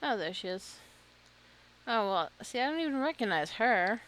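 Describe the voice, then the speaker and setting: Playing a video game, this streamer chats and mutters away, laughing nervously and mocking herself for losing her way. She talks at a moderate pace in a slightly high, expressive, somewhat bright voice.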